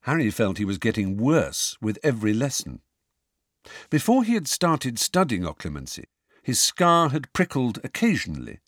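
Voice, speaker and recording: A man narrating an audiobook with an expressive, varied storytelling delivery. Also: medium pitch, no echo, clean studio sound. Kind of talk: scripted narration.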